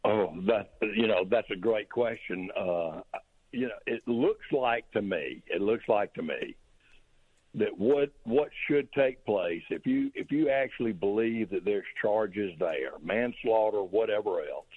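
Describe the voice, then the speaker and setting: A man's voice: on the low side, expressive, a little slow, husky. A man with a Southern US accent, a criminal defense attorney talking easily as a phone-in guest on a radio show. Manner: easygoing, drawling and folksy. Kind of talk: phone-in interview. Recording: tinny phone line.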